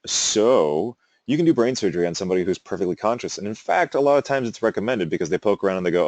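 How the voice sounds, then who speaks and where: A man teaches a class in a loose, conversational way, often drifting into amused asides. His voice sits on the low side. The recording is dry and close, with no room echo. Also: lively intonation, fast, few pauses, a little mellow, dull audio. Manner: casual, rambling, self-amused asides. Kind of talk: classroom lecture.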